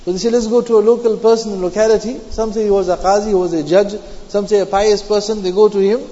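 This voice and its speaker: Guy preaching a sermon, high but mellow voice, keeps repeating key lines, arabic words mixed in, dull lo-fi echoey hall sound. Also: steady tone, quick pace. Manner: repeats key phrases, mixes Arabic terms into English. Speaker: Islamic preacher. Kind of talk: sermon explaining Quranic commentary.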